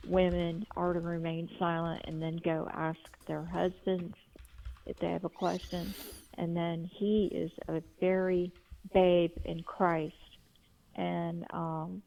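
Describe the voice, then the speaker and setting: A woman's voice: lowish voice, vocal fry, lo-fi sound. A woman calling in to a talk show, telling things in an earnest, rambling way. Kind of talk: call-in talk.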